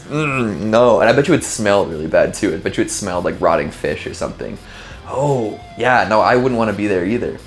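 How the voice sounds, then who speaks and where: Guy rambling through clip reactions, lowish voice, laughs a lot, faint music under it. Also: expressive, brisk. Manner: chatty, laughs often, filler-heavy. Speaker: host. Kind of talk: casual reaction commentary.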